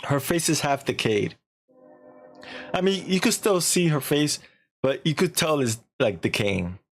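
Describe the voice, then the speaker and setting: A rambling, animated male streamer. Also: a little high, a little slow, faint music behind. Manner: rambling, animated retelling full of acted-out quotes. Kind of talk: casual story recap.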